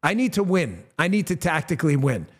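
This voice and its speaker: A man's voice: big pitch swings, fairly quick, slightly rough. Fired-up man hosting a talk show. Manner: punchy, blunt, gets loud and high when outraged; conversational, with fillers and restarts. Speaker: political talk show host. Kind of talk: talk show monologue with ad read.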